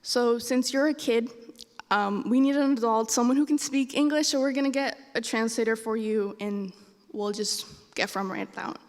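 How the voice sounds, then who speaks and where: A young woman voicing a grown male insurance caller who talks slowly and patronizingly to a child. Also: on the high side, close to an everyday voice. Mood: dismissive. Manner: slow, talking down to a child. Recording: reverberant hall.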